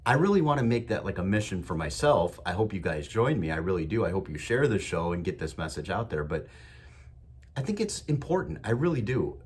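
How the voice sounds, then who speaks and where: Husky, lively-voiced man hosting a show. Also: low voice, a little fast. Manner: enthusiastic, repetitive, emphatic. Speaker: podcast host. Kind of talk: motivational monologue.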